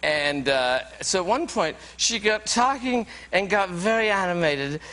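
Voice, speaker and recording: A man as a talk show guest, telling a comic anecdote in an animated, playful way. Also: high voice. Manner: animated, playful, quick asides.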